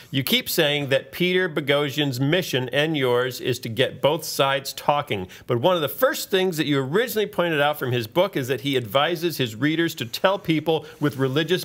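A man's voice: fairly high pitch, a bit bright. A man hosting a podcast in casual chat, reading listener letters aloud with playful asides. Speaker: podcast host.

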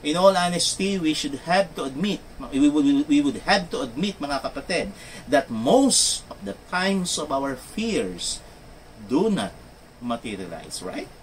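Filipino male preacher, emphatic and rhythmic, bright lively delivery, distant church mic with faint hiss. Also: on the high side, measured pace. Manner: switches between languages, emphatic and rhythmic. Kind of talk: bilingual sermon.

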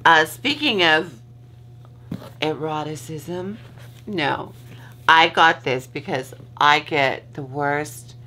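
Lying in bed at home, this woman hosts a casual vlog chat that rambles, loses its thread and is full of swearing. She speaks slowly in a low, bright voice with a forceful tone, and there's slight background noise.

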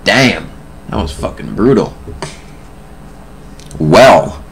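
A young man giving casual, profane gameplay commentary, sarcastic and prone to loud outbursts. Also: sits low, big pitch swings, drawn-out words, gravelly, a little hiss or hum, low-quality recording. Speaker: let's play commentator.

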